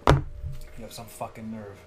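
A man's voice: fairly low pitch, little pitch movement, normal speed, faint music behind. A man co-hosting a casual podcast, teasing his friend and swearing freely. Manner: joking, profane, teasing. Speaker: podcast co-host. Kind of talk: casual bar-talk podcast chat.

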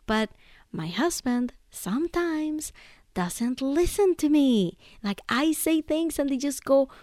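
A woman's voice: sits high, expressive, slow pace, darkish tone, no room sound, studio quality. Chatty woman podcaster telling a story. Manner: chatty storyteller, keeps asking "right?". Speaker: podcast host. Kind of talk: casual solo monologue.

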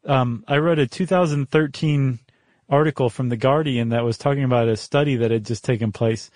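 An American man in casual podcast chat, talking in a loose, joking way with a medium pitch. The sound is dry and close, with no room around his voice. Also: darkish tone, no echo. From United States. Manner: chatty, quick asides and jokey guesses. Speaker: podcast co-host.

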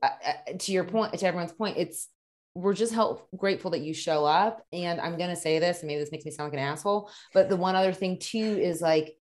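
A woman's voice: fairly low pitch, a little mellow. A woman in a reflective casual conversation who speaks hesitantly, restarting her sentences. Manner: thoughtful, hesitant, many restarts.

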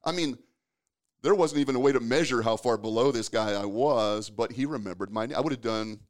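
A man, hosting a casual conversation and telling stories in a relaxed way with filler restarts. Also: medium pitch, brisk. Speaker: podcast host, safety professional.

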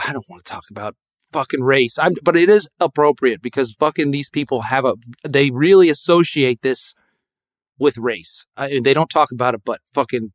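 A man in his fifties from Connecticut, a comedian guest ranting profanely in casual podcast chat and mocking people in loud, high put-on voices. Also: moderate pace, dry recording, clean studio sound. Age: 50s.

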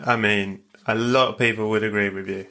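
Bright low-voiced host. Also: male voice, steady tone. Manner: quick, jokey and enthusiastic, swears casually. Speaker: podcast host. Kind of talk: casual interview chat.

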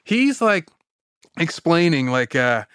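Animated male podcast storyteller. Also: on the high side, slow, smooth, dry recording, clean studio sound. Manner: animated, laughs often, lots of "like". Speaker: podcast host. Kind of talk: casual storytelling chat.

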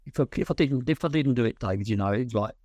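A man's voice: medium pitch, fast talker, warm tone, dry recording. A man, a coaching client, telling anecdotes in a rambling way with many restarts. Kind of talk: casual chat on a call.

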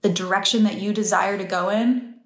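A woman's voice: medium pitch, steady tone, brisk. A woman gives an earnest, heartfelt motivational talk. She speaks casually and laughs easily as she goes. The room around her has a roomy echo. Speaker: breathwork and meditation teacher.

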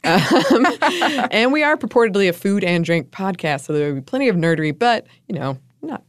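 A woman's voice: medium pitch, very animated, moderate pace, no room sound, studio quality. A woman co-hosting a podcast in casual chat, talking with frequent laughs and fillers. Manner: chatty, laughs often, many fillers. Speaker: podcast co-host.

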